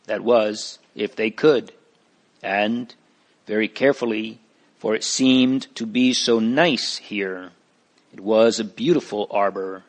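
A man reading a moral storybook aloud in a slow, deliberate, preacherly way. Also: on the low side. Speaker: narrator.

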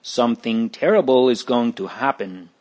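A man's voice: mid-range voice, animated, normal speed, darkish tone, lightly acted. A man voicing an anguished, burdened father. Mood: despairing. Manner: desperate, pleading.

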